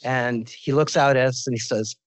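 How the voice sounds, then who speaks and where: A man's voice: medium pitch, fairly even intonation, normal speed, no echo, low-quality recording. A man in his sixties giving a medical lecture as a visiting professor, informal and joking, telling stories from his career.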